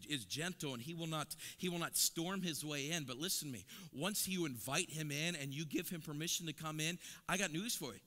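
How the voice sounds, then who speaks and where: A man preaching an impassioned sermon as an evangelist, repeating words and building to loud, emphatic peaks. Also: a little high. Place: church sanctuary. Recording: long church reverb.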